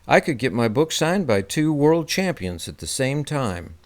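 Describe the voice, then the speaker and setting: A man's voice: medium pitch, big pitch swings, a little slow, a little mellow, pitched above the performer's own voice. A man voicing a cheerful, folksy Texan with a twang. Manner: folksy, enthusiastic.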